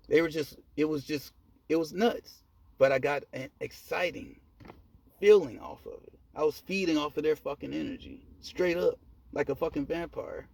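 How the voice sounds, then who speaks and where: Gravelly, husky man telling a profane story. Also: fairly high pitch, moderate pace. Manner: profane, animated, laughs at his own story. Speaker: storyteller vlogger. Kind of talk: casual storytelling monologue.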